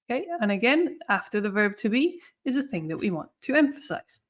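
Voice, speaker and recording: A woman's voice: a little high, sing-song, fairly quick. A woman teaching English grammar in a live online lesson, explaining patiently and often checking in with "okay?" and "no?".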